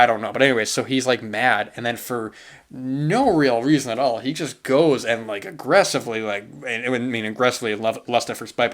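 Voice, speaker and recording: A man's voice: mid-range voice, fairly bright tone. A man hosting a casual film review podcast, rambling with many fillers and tangents, often saying "man" and growing incredulous at bizarre scenes. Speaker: podcast host reviewing films.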